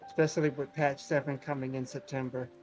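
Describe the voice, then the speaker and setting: A man's voice: medium pitch, flat delivery, quick pace, darkish tone. A man playing along on a game stream, joking and teasing in casual banter. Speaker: co-op player on stream. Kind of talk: casual gaming chat. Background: faint game music.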